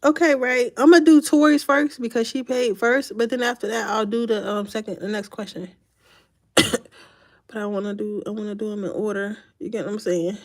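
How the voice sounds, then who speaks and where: A woman's voice: medium pitch, fairly even intonation, fairly quick. A woman giving casual live-stream tarot readings, chatty and slangy, laughing often. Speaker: tarot card reader.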